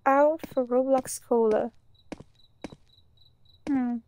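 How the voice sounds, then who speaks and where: A woman with a high-pitched, darkish voice drags out her words with fairly even intonation. Playing a spooky video game for a let's play commentary, the gamer chats nervously to herself, jumpy at each door and noise.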